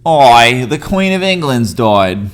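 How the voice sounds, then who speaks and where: A man putting on a loud, brash mock Australian bloke as a joke in casual podcast chat, shouting "oi" and "mate". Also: mid-range voice, sing-song, takes it slowly. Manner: shouts "oi" and "mate", overdone accent.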